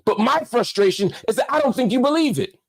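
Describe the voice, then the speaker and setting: A man's voice: very high-pitched, animated, creaky, slightly rough. Impassioned man hosting a commentary show. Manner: heated, preaching, repeats phrases for emphasis; heartfelt, slower, subdued. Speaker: host.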